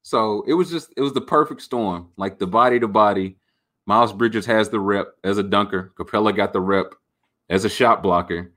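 A man hosting a podcast, rambling about sports in an animated, jokey way. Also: fairly low pitch, normal speed. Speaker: podcast host. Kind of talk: casual sports talk.

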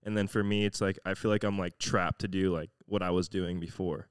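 A young man from Florida speaks in a lowish, smooth voice on a podcast. He thinks out loud, hesitant and reflective, filling pauses with "like". The recording is dry and close. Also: little pitch movement, no room sound. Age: young adult. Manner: hesitant, reflective, many "like" fillers. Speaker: podcast co-host. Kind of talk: casual chat.

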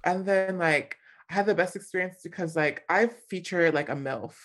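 A woman from California tells a story in a loose, chatty way, full of slang and quick laughter. She sits a little low in pitch, and the chat has the easy feel of a friendly talk show. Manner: animated, slangy, laughing often. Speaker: guest.

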